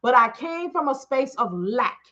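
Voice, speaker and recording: Woman, high bright voice, preachy testimony, lo-fi stream audio. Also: very animated, a little slow. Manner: preachy, emphatic, call-and-response asides. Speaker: business owner speaking to followers. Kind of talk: live-stream testimony to followers.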